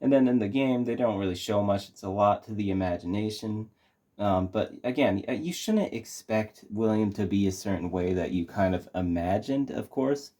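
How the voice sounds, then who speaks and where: Low, mellow-voiced young man rambling. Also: normal speed. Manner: rambling, many fillers and restarts. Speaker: co-host reviewing a movie. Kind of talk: casual review chat.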